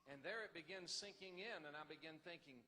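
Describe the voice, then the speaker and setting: An older man, a pastor giving an emphatic, animated sermon testimony in a large hall. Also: a little high, fairly quick. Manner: animated storytelling, lively and emphatic. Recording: reverberant hall with faint noise.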